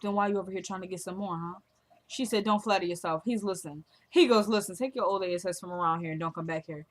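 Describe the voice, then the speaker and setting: A woman's voice: on the low side, quick pace. A woman chatting casually in a vlog, recapping a TV episode and acting out the characters' lines as she goes. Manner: retells scenes acting out both characters' lines; animated and chatty, addresses viewers as y'all. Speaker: TV show reviewer.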